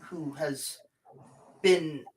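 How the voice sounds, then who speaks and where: Slow, halting, wary salamander gent, played by the game master, a bit off-mic. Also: medium pitch, fairly even intonation, a little mellow, recorded from a distance, a little hiss or hum, rough recording. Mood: flustered. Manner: stammering, halting, hesitant speech. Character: nervous, guarded salamander man, formal and wary. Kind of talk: tabletop role-play character voice.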